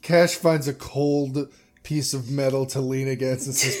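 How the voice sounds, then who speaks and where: A man's voice: medium pitch, steady tone, slight background noise. Laid-back man narrating as game master. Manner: casual, laughing, unhurried narration.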